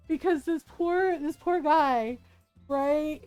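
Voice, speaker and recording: A high-pitched woman in her thirties chats loosely as she streams a game, giggling often and humming between thoughts. Her voice sounds close and dry, with faint game music playing underneath. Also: measured pace, mellow, no room sound. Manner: chatty, giggly, hums to herself. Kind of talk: casual stream chat.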